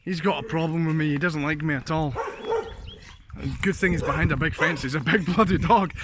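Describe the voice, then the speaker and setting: A man's voice: a little high, a little fast, heavy background noise. A Scottish man rambling chattily as he walks outdoors and talks to his handheld camera. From Scotland. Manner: rambling, chatty, laughs often. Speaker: vlogger. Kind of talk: casual walking vlog. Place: outdoors on a walk past houses. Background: dogs barking.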